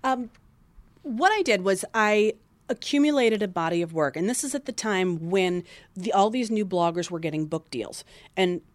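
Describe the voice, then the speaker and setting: A woman's voice: medium pitch, expressive, moderate pace, no room sound. A woman author telling self-deprecating anecdotes in an interview, chatty, with frequent restarts. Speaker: author guest. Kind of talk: interview storytelling.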